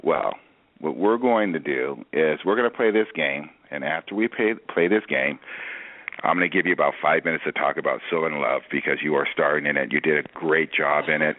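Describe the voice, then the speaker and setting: A man's voice: a bass voice, a little fast. A man hosting a radio interview show, playful and teasing, with jokes and games, heard over a tinny phone-like line.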